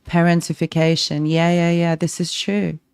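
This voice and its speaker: A woman from North London, her London accent smoothed toward a posher tone, speaks on a live stream. Her voice sits a little low as she reads out viewers' messages and answers them gently. She talks directly to people in the chat and often breaks off and restarts her sentences. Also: little pitch movement, normal speed. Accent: London, softened. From North London, England. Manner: warm encouraging, talks to chat by name, many restarts. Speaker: relationship coach, livestream host.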